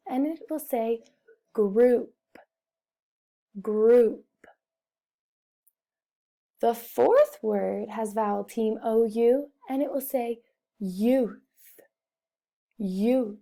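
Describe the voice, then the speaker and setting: A woman guides young children through a phonics lesson, saying each word deliberately and repeating it so they can follow. Her voice sits a bit high but sounds soft and mellow. She talks very slowly and patiently, like a teacher speaking to first graders. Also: creaky. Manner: over-enunciates words and repeats them, speaks to children.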